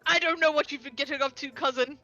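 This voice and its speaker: A woman's voice: high voice, fairly even intonation, quick pace, bright, forceful tone, soft background music, pitched above the performer's own voice. A woman voicing a vain, pompous young nobleman adventurer, smug and preening. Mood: teasing. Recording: slightly dull, lo-fi sound.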